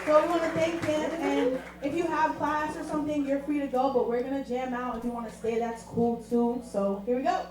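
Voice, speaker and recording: A woman hosting an event, announcing to the audience in a brisk, informal way. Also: high voice, steady tone. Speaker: event host. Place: large hall with live audience. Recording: echoey hall from far off.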